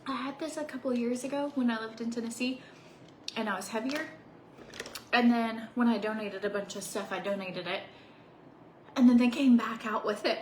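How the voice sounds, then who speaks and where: A woman's voice: a little high, brisk. Bubbly woman in her 30s rambling to the camera from her office, lots of likes and little laughs, roomy echo, faint hum behind. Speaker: vlogger. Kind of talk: casual chat to camera. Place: home office. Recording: echoey room with faint background ambience.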